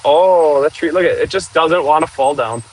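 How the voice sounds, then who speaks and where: A man hosting a casual outdoor livestream, chatting and joking with viewers while clearing trees with a machine. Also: on the high side, moderate pace, rough recording. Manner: chatty, jokey, talks to viewers while working. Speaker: livestream host.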